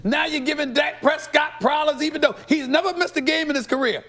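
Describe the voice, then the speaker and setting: A man commenting on a TV sports debate, boisterous and mocking, shouting for emphasis. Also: very high-pitched, brisk. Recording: played from a TV broadcast.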